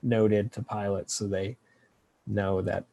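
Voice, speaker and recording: Researcher guest, male, low mellow voice, talks loosely with lots of ums. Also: takes it slowly, vocal fry, no room sound. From California. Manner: relaxed, hesitant, many fillers and restarts. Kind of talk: casual interview answers.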